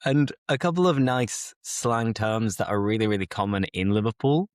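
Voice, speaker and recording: Lower-voiced English teacher explaining warmly. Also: male voice, moderate pace, no echo, clean studio sound. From England. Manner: enthusiastic, explains terms for learners. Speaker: English teacher and podcast host. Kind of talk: casual explanatory chat.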